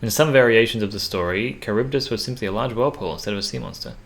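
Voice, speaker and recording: A man's voice: on the low side, quick pace, creaky. Laid-back rambling male streamer. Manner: rambling, sounds out tricky words aloud; laid-back and swears casually. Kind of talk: casual live-stream chat and reading aloud.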